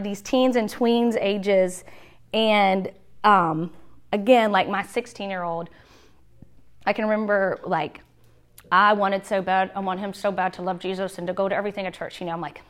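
A woman's voice: mid-range voice, normal speed, a bit bright. Mom in her 40s talking at a church workshop, chatty, acts out what she said with big swings in her voice. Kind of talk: conversational workshop talk. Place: church meeting room.

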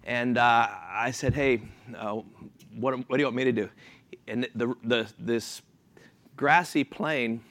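A man's voice: medium pitch, slow. Fifties man, dry and self-mocking storyteller. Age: 50s. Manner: self-deprecating, deadpan delivery with frequent restarts. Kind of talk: humorous personal story.

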